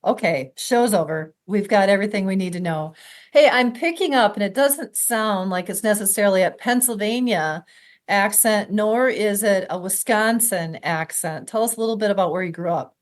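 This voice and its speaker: A woman's voice: mid-range voice, moderate pace. A woman moderating a panel, upbeat and joking as she introduces the speakers.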